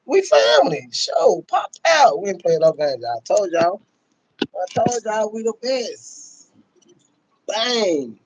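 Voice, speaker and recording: A man from Dallas, hosting a casual livestream and hyping up his viewers with repeated shout-outs. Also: high voice, sing-song, slow pace, breathy edge, no echo. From Dallas, Texas. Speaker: livestream host. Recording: dull, lo-fi stream audio.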